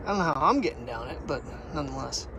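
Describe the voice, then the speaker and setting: A man's voice: animated, rapid-fire. A man vlogging on a phone while he walks outdoors, chatting casually and rambling. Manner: chatty, rambling, coaxes his dog in a high voice. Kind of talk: casual vlog narration. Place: outdoors on a walk in a field and playground. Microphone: phone camera held in hand. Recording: noisy outdoor phone recording.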